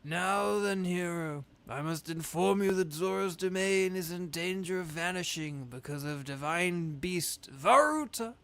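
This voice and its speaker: A pompous old fish king holds court in a raised, unhurried voice, as a man puts him on. Each formal phrase is stretched out with a rhythm that sounds like a politician's. It is a video game character read aloud during a stream. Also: high voice, gravelly, fairly bright tone, smooth, exaggerated voice. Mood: grave. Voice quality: grand, drawn-out delivery with Trump-like rhythms.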